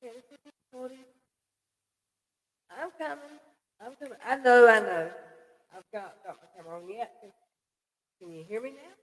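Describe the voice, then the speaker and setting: Woman streamer, higher voice, casual chat, long echo on the audio. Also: expressive, moderate pace, pauses often. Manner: fumbling with audio, checking with viewers. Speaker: livestream host. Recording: echoey with long reverb.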